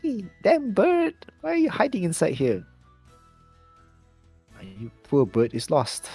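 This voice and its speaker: A shrill, bossy tavern woman hollers from up the stairs in a squeaky, strained voice, as a man puts her on. She scolds and barks orders in a tabletop game, her pitch leaping high above a mellow speaking voice. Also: huge pitch swings, slow, breathy edge, faint music behind, exaggerated voice. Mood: scolding. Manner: scolding, calling out loudly.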